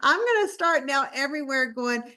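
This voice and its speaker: A woman's voice: high-pitched, expressive, moderate pace, sharp tone. A woman in her fifties with a North Carolina Southern accent, speaking as a guest in a bubbly, chatty way. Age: 50s. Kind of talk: casual online presentation.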